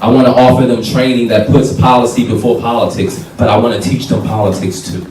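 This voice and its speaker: Faint music, echo, and slight background noise surround a distant council candidate at a community hall meet and greet. His mid-range, slightly mellow voice moves fairly quickly with fairly even intonation as he gives a fiery, plain-spoken campaign speech to the crowd.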